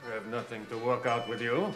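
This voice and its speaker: A man's voice: medium pitch, fairly even intonation, brisk, echoey room, over music, natural voice. A man playing an older, hostile father in a wheelchair, speaking with a foreign accent and barking orders in a comedy sketch. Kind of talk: sitcom-style sketch acting.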